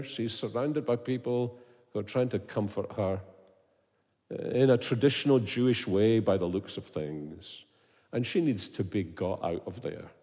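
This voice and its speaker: Earnest preacher in a reverberant hall. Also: male voice, mid-range voice, dark tone. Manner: earnest, questioning, emphatic teaching. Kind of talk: expository sermon.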